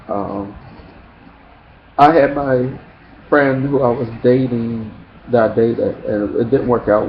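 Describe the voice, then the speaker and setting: A man telling a personal story in a casual, rambling way, acting out friends' lines in shrill high voices. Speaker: vlogger. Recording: dull lo-fi sound with faint background noise.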